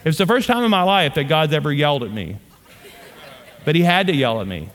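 A man preaching a sermon and telling a story, moving between loud, animated bursts and hushed asides. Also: on the high side, fairly quick, in a large hall, some chatter behind. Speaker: pastor.

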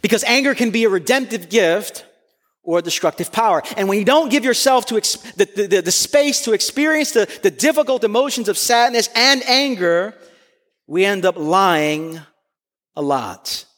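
A man with an unusually high-pitched voice delivers a sermon. He speaks earnestly and with strong emphasis, at times lifting almost to a shout. His voice carries a long reverb that fills a large hall. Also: lively intonation, moderate pace. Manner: earnest and emphatic, rising to near-shouts on key points. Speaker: preacher.

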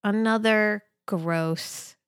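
A woman's voice: medium pitch, extremely slow, clean tone, no room sound, studio quality. A woman co-hosting a casual chat about crossword puzzles, playful, laughing often and swearing casually. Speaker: podcast co-host.

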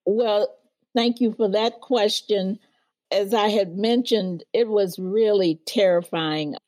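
A woman's voice: mid-range voice, takes it slowly, darkish tone, no room sound. An older woman, a guest on an interview, vividly recounting her past and acting out the people she quotes. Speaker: guest, former civil rights organizer. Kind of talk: storytelling interview.

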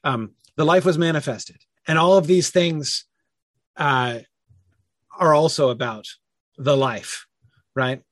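A man's voice: on the high side, slow, long pauses, a bit bright, no room sound. A man leading a casual online Bible study, thinking aloud with many fillers and self-corrections and answering chat comments.

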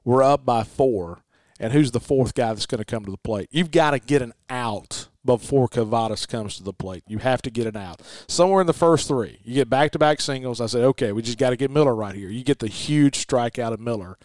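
A man hosting a sports talk show, chatting casually about a baseball game and reading the stats in a folksy, animated way. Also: medium pitch, fairly quick, dry recording. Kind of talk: casual sports podcast chat.

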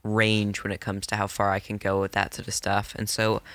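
A man's voice: lowish voice, monotone, normal speed, a bit bright, clean tone, no room sound. A man co-hosting a casual chat, modest and agreeable. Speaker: podcast co-host, game master.

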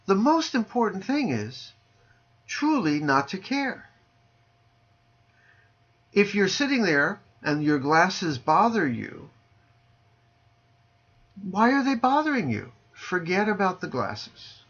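A man who teaches Zen, chatting casually on a podcast over a video call, joking dryly and dropping his voice low on punchlines. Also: very animated, slow, pauses often, fairly bright tone, dull audio. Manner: dry joking, playful sing-song delivery, drops low on punchlines. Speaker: Zen teacher answering listener questions.

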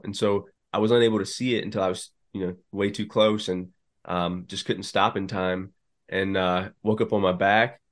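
Young male guest, low-pitched, unhurried, talks it through with lots of ums. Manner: relaxed, filler-heavy storytelling. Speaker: podcast guest, business co-founder. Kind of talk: casual storytelling interview.

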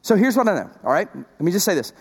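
A man preaching a sermon with a strikingly high, lively voice that swoops up and down. He talks to the congregation in a conversational, emphatic way, repeating himself and adding asides, and his voice rings out with a long reverb in a large church hall. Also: fast talker, husky. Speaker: pastor.

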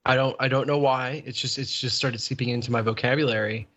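A man's voice: mid-range voice, fairly even intonation, quick pace, fairly bright tone, muffled recording. Easygoing man chatting on a podcast. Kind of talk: casual chat.

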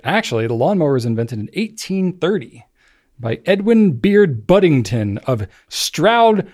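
A man's voice: fairly high pitch, very animated, measured pace, a little mellow. An American man co-hosting a casual podcast, chatty, laughing easily and trailing off with ums. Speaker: podcast co-host. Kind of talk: casual chat.

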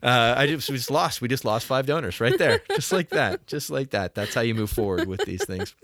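A middle-aged man hosts a casual podcast, his voice swinging widely in pitch as he jokes and laughs at himself. His delivery is animated, full of restarts and asides. The recording is dry and close. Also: fairly quick, no room sound. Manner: animated, jokey, self-deprecating with frequent restarts. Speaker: podcast host. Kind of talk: casual chat.

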